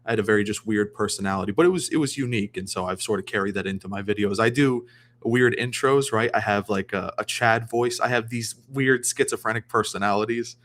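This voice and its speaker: A man's voice: lowish voice, a little fast, a bit bright. A man chatting casually as a guest on a livestream, rambling with many restarts. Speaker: guest streamer.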